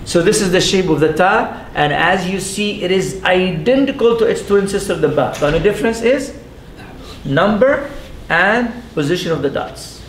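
A man with a high voice teaching a class in an echoey room, with a faint rumble behind him. He is patient, sounds things out slowly and keeps checking in with the students. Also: animated. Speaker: Arabic teacher. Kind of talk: classroom lesson. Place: mosque classroom.

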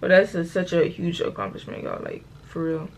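A teenage vlogger with a lowish, creaky, darkish voice swings hugely in pitch at a moderate pace, with slight background noise. Getting ready at home, she chats through a rambling, slangy story, correcting herself and calling out "y'all" to her viewers.

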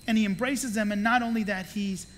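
The sermon comes from a pastor with a mid-range voice talking a little fast, the big-room sound of a church sanctuary around him and a faint hiss or hum present. He is an adult with children who narrates lively stories, voicing the characters and making playful asides.

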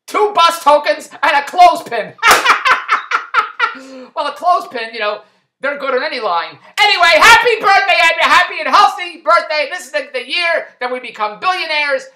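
A man's voice: very high-pitched, bright, forceful tone. A middle-aged man giving a comic birthday monologue for his wife, firing off old-school one-liners and repeating the punchlines. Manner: rapid-fire old-school joke telling, repeating punchlines. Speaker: husband sending a birthday message. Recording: echoey room.

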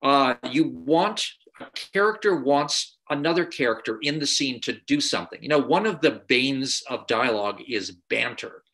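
A man delivers a screenwriting masterclass in an anecdotal, conversational lecture style. His voice is bright and forceful, and he often pauses on filler sounds and restarts his sentences. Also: medium pitch, expressive.

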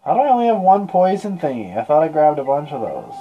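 Dude swearing and joking while he plays a game, lively up and down voice, kinda dull lo-fi sound. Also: fairly high pitch, fast talker, faint music behind. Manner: swearing, joking, talking to himself while playing. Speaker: gamer playing live. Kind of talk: casual gameplay chat. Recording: dull lo-fi sound with faint noise.

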